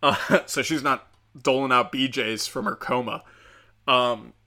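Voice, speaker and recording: A man's voice: medium pitch, steady tone, a little slow, bright, forceful tone. A man hosting a podcast, telling a show's story in a rambling, profane, joking way. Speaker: podcast host. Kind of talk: casual rambling show recap.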